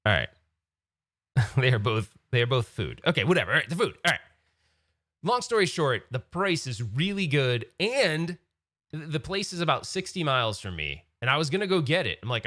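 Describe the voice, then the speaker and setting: A man's voice: mid-range voice, pushed and bright, no room sound, studio quality. A man hosting a live-stream podcast in casual chat, rambling and getting sidetracked. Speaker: podcast host.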